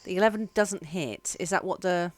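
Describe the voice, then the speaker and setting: A woman's voice: fairly low pitch, no echo. A woman, running a tabletop game as game master in a chatty, laughing way. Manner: lively, chatty, quick to laugh.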